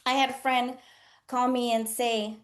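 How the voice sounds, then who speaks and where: A woman's voice: fairly high pitch, unhurried. A woman nurse coach hosting a casual livestream, frank and profane, laughing often as she talks. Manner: animated, voices others in quotes. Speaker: nurse coach and live session host.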